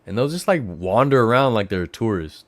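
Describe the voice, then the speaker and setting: A low-pitched man from California talks loosely to his livestream viewers, wandering from one story to the next. His voice leaps up high when he gets excited. The sound is dry and close. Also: a little fast, dry recording. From California Bay Area. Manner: rambling storyteller who jumps to high excited exclamations. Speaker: livestream host. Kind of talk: casual livestream chat.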